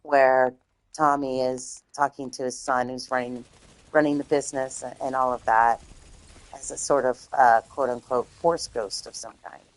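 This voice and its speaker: Low-voiced, rambling woman streamer. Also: steady tone, moderate pace, no room sound. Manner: rambling, swears freely. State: slightly hoarse. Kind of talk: casual chat.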